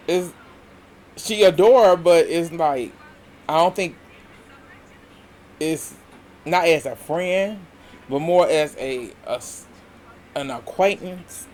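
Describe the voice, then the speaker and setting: A man's voice: fairly high pitch, lively intonation, slow pace, pauses often, a little mellow. A man giving a casual episode recap as a reality TV reviewer, rambling along with many hesitations and restarts.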